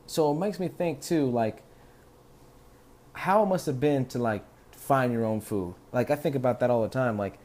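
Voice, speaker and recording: A man's voice: mid-range voice, warm tone. A man hosting a podcast, telling stories in a rambling, profane, laid-back way. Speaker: podcast host. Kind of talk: casual rambling monologue.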